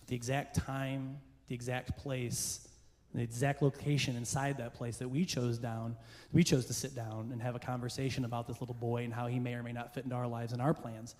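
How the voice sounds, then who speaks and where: Comic church storyteller in a roomy hall. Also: male voice, medium pitch, flat delivery, quick pace. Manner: comic, self-deprecating storyteller who shifts into hushed earnest passages. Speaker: church speaker. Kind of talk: humorous sermon storytelling. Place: church hall with a live audience. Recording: roomy hall reverb with faint background noise.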